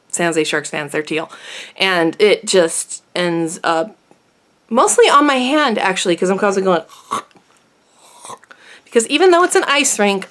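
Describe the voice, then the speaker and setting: A woman's voice: fairly low pitch, fairly bright tone. Chatty self-deprecating woman vlogger. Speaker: beauty vlogger. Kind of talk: casual chat to camera.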